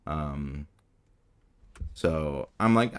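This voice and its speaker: A man's voice: very deep voice, animated, drawn-out words, a little hiss or hum. A man hosting a casual podcast chat, modest and hesitant, with lots of fillers. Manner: modest, self-doubting, hesitant with many fillers. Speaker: podcast host.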